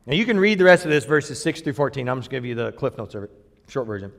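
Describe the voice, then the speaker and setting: A man's voice: mid-range voice, big pitch swings, very fast, vocal fry, big-room sound. A male pastor preaching a sermon in a church, telling the story in a folksy, joking way. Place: church sanctuary.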